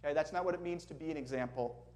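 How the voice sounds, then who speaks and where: A man's voice: a little high, very fast, darkish tone. A man preaching a sermon in a conversational way, asking the congregation questions as he goes. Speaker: pastor.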